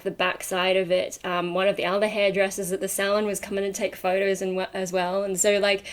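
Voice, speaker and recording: A young adult woman vlogger chatting casually to camera, rambling off on tangents with lots of ums and likes and frequent laughs. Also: medium pitch. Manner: chatty, laughs often while talking.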